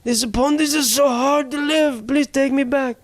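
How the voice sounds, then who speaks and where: A man voicing an old male pet turtle, speaking with a put-on Japanese accent in a slow, pleading way. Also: steady tone, no echo. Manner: slow, drawn-out, high and wavering.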